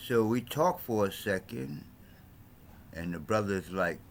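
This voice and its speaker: A man's voice: on the low side, expressive, measured pace, gravelly, slight background noise. An older man vlogging, telling a rambling personal story in a laid-back, meandering street-talk manner. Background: music playing.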